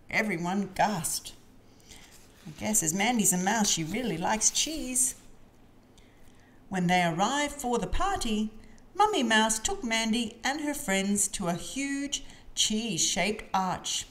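A woman reading a picture book aloud to children, with gentle, expressive narration. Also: mid-range voice, slow pace. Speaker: storybook reader.

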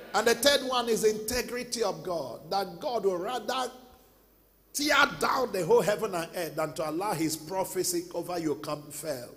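A man with a Nigerian accent preaching a sermon as pastor, telling stories and breaking into shouts. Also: high-pitched. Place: large church hall. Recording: long church hall reverb.

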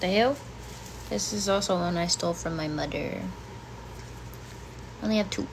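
Gravelly young woman chatting on a livestream. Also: on the low side, normal speed, noisy background. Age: 20s. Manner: reacts to chat comments, exasperated and blunt. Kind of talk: casual livestream chat reading comments. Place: bedroom at home.

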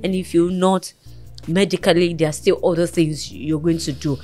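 A woman with a low voice hosts a talk show. She counsels a young guest in an earnest, motherly way and preaches encouragement. Soft music plays faintly under her. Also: steady tone, moderate pace.

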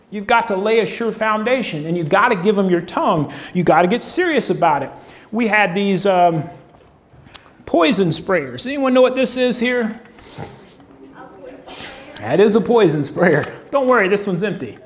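Male preacher, high voice, animated conversational sermon, acts out voices. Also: moderate pace.

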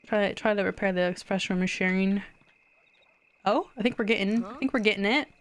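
Speaking at normal speed in a mid-range voice, a young woman streams herself playing a video game. She chats and giggles in reaction to what's happening on screen and squeals with excitement at her wins.

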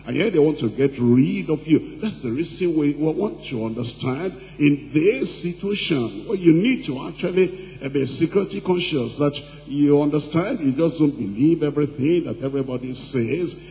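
A man preaching a sermon as pastor, asking the congregation questions and reading scripture slowly and deliberately. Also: a little high, expressive, warm tone. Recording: distant-sounding hall recording with faint hum.

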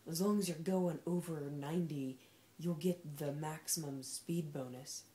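A woman's voice: low-pitched, unhurried, mellow, a little hiss or hum. A woman giving casual, sarcastic commentary while playing a racing game, talking back at the game's characters. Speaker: gameplay commentator.

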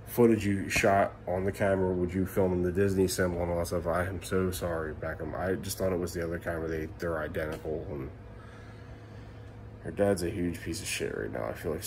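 A man's voice: sits low, darkish tone, a little hiss or hum. A man in his thirties, a father vlogging at home at night, talking casually and emotionally with swearing and fillers. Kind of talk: casual vlog talk to camera. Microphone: camera mic.

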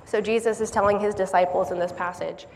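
A woman's voice: mid-range voice, steady tone, a little fast, gravelly. Woman preaching in church, earnest, laughs at herself, long echo, faint hum behind. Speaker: lay speaker giving a church message. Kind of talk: sermon. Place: church hall. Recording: long hall reverb, faint background ambience.

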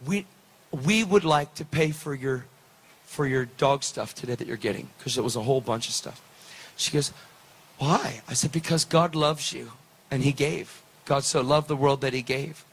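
A man preaching, telling a story with lively, preacherly delivery and acted-out dialogue. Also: medium pitch, normal speed, husky. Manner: animated, preacherly, acts out dialogue. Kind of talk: sermon storytelling.

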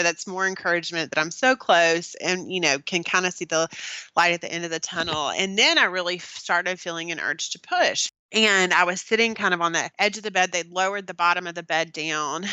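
Bright, crisp young woman recounting her birth. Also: fairly low pitch, dry recording. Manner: earnest, frequent "like" and "kinda", restarts mid-sentence. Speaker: podcast guest telling her birth story. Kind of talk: casual personal storytelling.

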